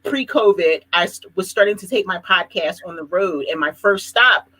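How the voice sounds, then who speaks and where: Husky Philly woman telling stories. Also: fairly low pitch, normal speed, low-quality recording. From Philadelphia. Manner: animated storytelling, laughs often. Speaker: host. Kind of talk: casual live chat.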